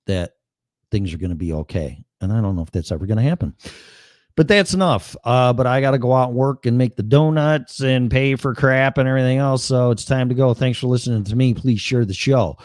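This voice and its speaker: A man's voice: fairly low pitch, darkish tone, dry recording, studio quality. A man in his sixties from Chicago, with a Chicago accent, hosting a casual live-stream monologue in a blunt, profane and rambling way. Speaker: show host.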